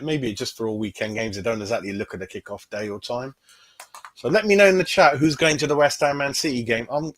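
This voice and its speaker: A man's voice: medium pitch, fairly bright tone, no room sound. A man hosting a fan channel, chatting casually on a livestream, constantly saying "mate" and tossing in tag questions.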